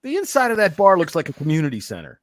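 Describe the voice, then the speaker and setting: Lively high-voiced podcast host. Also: male voice, quick pace, dry recording, clean studio sound. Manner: amused, laughing. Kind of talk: casual podcast chat.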